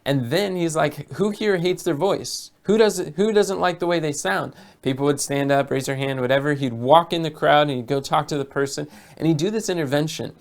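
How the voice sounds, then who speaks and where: A man talking as a business coach in a casual monologue, telling stories and often repeating or restarting his words. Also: on the high side. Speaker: business coach for health educators.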